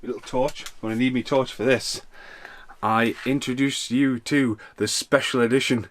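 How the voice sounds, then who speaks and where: A man's voice: mid-range voice, steady tone, moderate pace, slight background noise. Swearing, rambling man. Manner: swears freely, loose and chatty. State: tipsy. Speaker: film reviewer and vlogger. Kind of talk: casual rambling rant.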